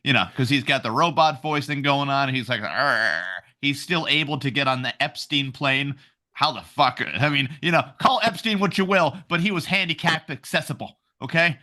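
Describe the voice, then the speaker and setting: A man with a bright, forceful voice sitting a touch above the usual pitch, hosting a comedy podcast. He rambles through crude, irreverent jokes in loose, casual banter with his co-hosts. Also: a little fast. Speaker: podcast host.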